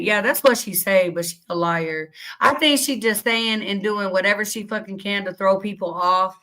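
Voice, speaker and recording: A young adult woman hosts a livestream, reading chat aloud and unloading a blunt, profane rant full of constant cursing and indignant questions. She talks at a normal speed with hardly any pauses, her medium-pitched voice bright and forceful, on a low-quality recording.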